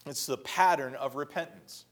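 A man preaching a sermon earnestly, swinging between loud emphatic lines and hushed, quiet passages. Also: medium pitch, normal speed. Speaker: pastor.

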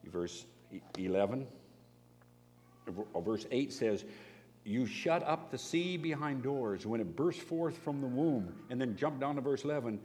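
A man preaching a sermon, animated, who swings into loud emphatic bursts when acting out pleas and reading scripture. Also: mid-range voice, unhurried. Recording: long hall reverb, faint hum.

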